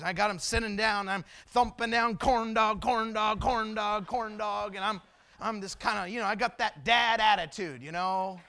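A middle-aged man preaching a sermon, telling a story and then dropping to hushed, solemn tones for emphasis. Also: high voice. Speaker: pastor.

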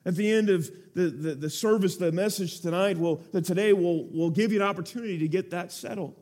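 High-voiced earnest male preacher. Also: brisk, a little mellow. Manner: earnest storytelling, rising to urgent appeals. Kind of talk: sermon.

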